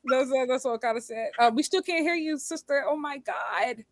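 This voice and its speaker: A woman's voice: high-pitched, brisk, no room sound, clean studio sound. A woman co-hosting a live charity stream, introducing guests in a rambling, playful way over a video call. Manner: rambling introductions, many ums and restarts, playful. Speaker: stream co-host. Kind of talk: casual chat on a live stream.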